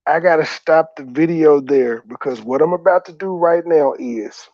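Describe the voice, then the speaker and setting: A man's voice: on the high side, normal speed, darkish tone, no room sound, dull audio. A man hosting a reaction commentary, profane, ranting and taunting. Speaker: host.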